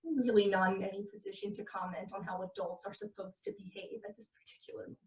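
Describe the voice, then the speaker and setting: A woman's voice: a little high, normal speed, lightly acted. A woman reading the part of a tired, frustrated girlfriend driving at night, firm and scolding, in a table read of a film script. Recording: echoey room, far from the mic.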